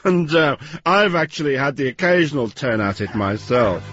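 A man presenting a radio documentary in a measured, wry scripted narration. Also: medium pitch, expressive, fairly bright tone, no echo, dull audio, soft background music.

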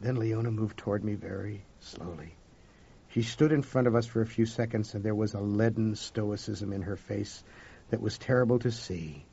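A man reading a first-person story aloud, with a dramatic delivery that swings between hushed whispers and loud outbursts. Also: fairly low pitch, moderate pace, creaky, slightly rough. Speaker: audiobook narrator. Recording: dull lo-fi recording.

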